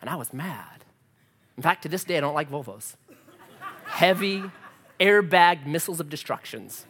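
A man preaching a sermon, telling a personal story in an animated, conversational way with self-deprecating humor. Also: on the high side, normal speed, a little hiss or hum. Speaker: pastor. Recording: long reverb of a large hall.

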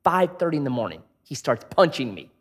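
A man's voice: mid-range voice, a little fast, husky. A middle-aged man preaching a sermon, telling a story with acted-out voices and jokes. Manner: animated storyteller, acts out voices in anecdotes. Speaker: pastor.

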